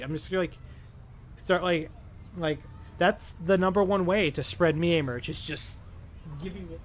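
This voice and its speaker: A man's voice: high-pitched, a little slow, long pauses, slight background noise. A young man, chatting in a loose, rambling way as a tired streamer. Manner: rambling, full of fillers and restarts, tired. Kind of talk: casual rambling chat.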